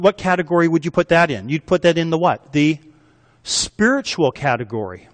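A man preaching a sermon, leading the congregation in call-and-response and asking them to repeat key words. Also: a little high. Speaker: pastor. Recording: long hall reverb.

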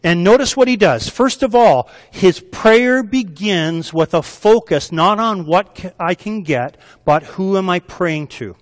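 A man's voice: high-pitched, lively intonation, a little slow, hardly any pauses. A man preaching a sermon, leading the congregation in call-and-response and asking them to repeat key words. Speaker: pastor. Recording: long hall reverb.

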